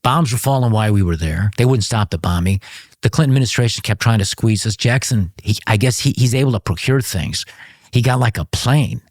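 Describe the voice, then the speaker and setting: A man with a husky, slightly breathy voice talks as an interview guest, spinning a long anecdote with plenty of energy. He stumbles, restarts, and breaks into laughter as he goes. The sound is close and dry. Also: fairly low pitch, brisk, no room sound. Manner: animated anecdote-telling with frequent restarts and laughter; speaks the language of his father's homeland. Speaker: interview guest, former congressman. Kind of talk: storytelling in a conversational interview.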